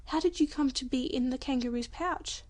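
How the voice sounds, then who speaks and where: A woman's voice: high voice, moderate pace, natural voice. A woman voicing a worried, tender father in a storybook audiobook, speaking earnestly. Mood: moved.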